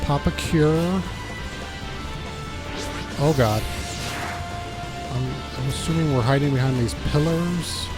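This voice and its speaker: Excitable male gameplay streamer. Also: fairly high pitch, slow pace, long pauses, over loud music. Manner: excitable, jokey, reacts aloud to the game. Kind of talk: live gameplay commentary.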